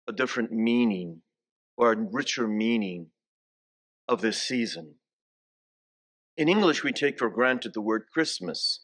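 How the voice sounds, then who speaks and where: A man's voice: medium pitch, a bit bright. A man in his sixties, a bishop, giving a homily in a church, telling family stories and coaxing the congregation to repeat greetings. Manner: slow, story-telling preacher who coaxes the congregation to repeat greetings.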